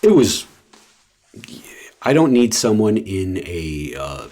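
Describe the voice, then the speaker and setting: A man's voice: low voice, big pitch swings, slow, warm tone. A man chatting casually to the camera in a rambling way, full of fillers and restarts. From West Coast of the US. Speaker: vlogger.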